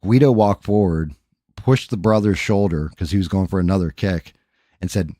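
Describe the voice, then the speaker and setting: Deep-voiced man telling a profane story. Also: moderate pace, no room sound, clean studio sound. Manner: profane, animated, with sound effects. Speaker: livestream host. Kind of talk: casual storytelling chat.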